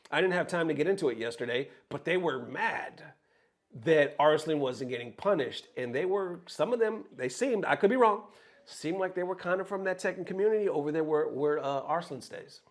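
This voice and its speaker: A man's voice: fairly high pitch, lively intonation, normal speed. A man hosting an esports news vlog, ranting in casual, profane commentary and cracking jokes as he goes.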